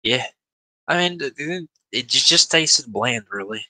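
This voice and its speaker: A man's voice: mid-range voice, lively intonation, unhurried, sharp tone, no echo, poor audio. A young man chatting casually as a tabletop game player, rambling with restarts and swearing. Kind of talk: casual chat between players.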